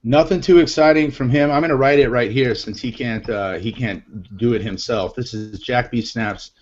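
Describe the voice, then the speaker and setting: A man's voice: medium pitch, normal speed. Jokey man hosting a lo-fi video call. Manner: jokey, laughs often. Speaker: show host. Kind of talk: casual group chat on a video call. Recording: dull lo-fi call audio, faint noise.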